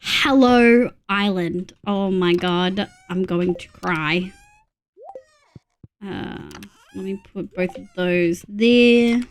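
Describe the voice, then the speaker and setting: A young woman from Australia streaming a farming game, chatting casually, gasping with excitement and counting items aloud. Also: medium pitch, drawn-out words, clear, resonant tone. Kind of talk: casual gameplay chat.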